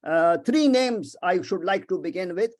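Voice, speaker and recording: Brief: older Pakistani-accented male academic, measured and formal with many pauses, lecturing over a video call. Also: high-pitched, expressive. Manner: measured and formal, with frequent hesitations. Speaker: guest speaker.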